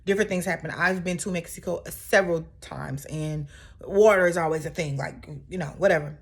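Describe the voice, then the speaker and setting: A woman's voice: fairly low pitch, brisk, gravelly, slightly rough. A woman casually recapping a reality TV episode in a chatty, sassy way, full of asides.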